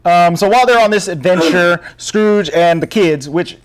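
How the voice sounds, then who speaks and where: A man's voice: sits high, normal speed. Chatty man recapping a film on a podcast. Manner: rambling recap with fillers and laughs. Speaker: podcast co-host. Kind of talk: casual chat.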